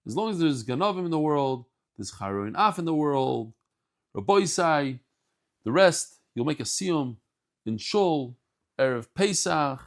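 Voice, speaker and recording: A man teaching a daily Talmud class, animated and joking, acting out the dialogue as he goes. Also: a little high, unhurried. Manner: animated, jokey asides, acts out dialogue.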